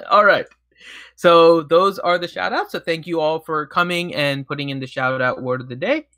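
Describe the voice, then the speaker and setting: A man co-hosting a casual gaming livestream, relaxed and explaining game mechanics at length. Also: a little high, measured pace, long pauses, no room sound.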